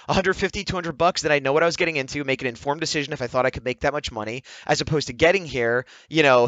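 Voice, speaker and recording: Guy ranting fast in a vlog, kinda high voice, acts out everyone's lines, dry slightly muffled audio. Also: no room sound. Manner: animated, exasperated storytelling with quoted dialogue. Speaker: vlogger and comic artist. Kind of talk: casual vlog rant.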